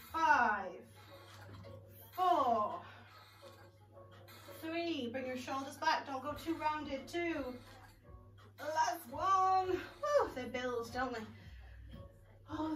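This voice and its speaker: A woman's voice: high voice, a bit bright. Upbeat woman coaching a class. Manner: upbeat, encouraging, counting reps with cheery whoops. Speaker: fitness instructor. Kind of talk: guided exercise class. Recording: echoey room, voice from a distance. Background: background music.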